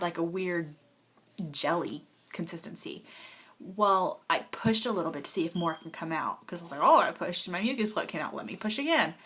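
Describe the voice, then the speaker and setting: A young woman tells her birth story in a casual home vlog while nursing her baby, her lowish voice a bit bright. She's emotional and rambling, full of fillers, and tearful at times.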